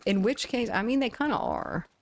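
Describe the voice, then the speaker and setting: A young American woman streams a game from home on a studio condenser mic, her fairly high voice expressive with some vocal fry at a moderate pace. She's chatty and giggly, laughing often as she reads chat aloud.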